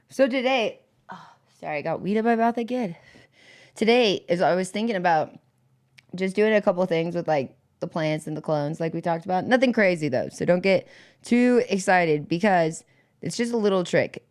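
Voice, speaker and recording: A woman with a lower voice hosts a relaxed livestream, talking loosely and filling her sentences with fillers. She laughs easily and keeps greeting people in the chat by name. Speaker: livestream host.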